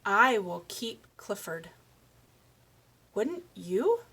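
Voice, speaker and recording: Slow, breathy woman coaching a child's speech. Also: mid-range voice, very animated, pushed and bright. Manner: slow, encouraging, exaggerates word sounds for a child. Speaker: speech therapist. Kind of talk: children's speech lesson with read-aloud.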